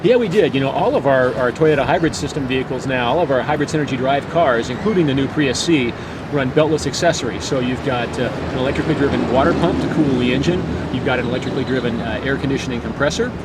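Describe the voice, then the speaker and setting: A man speaking for a carmaker, explaining hybrid technical details fluently in an outdoor interview. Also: medium pitch. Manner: fluent, explanatory, with frequent restarts. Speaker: automaker product spokesman. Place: outdoors beside a car on a street. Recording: loud outdoor noise behind the voice.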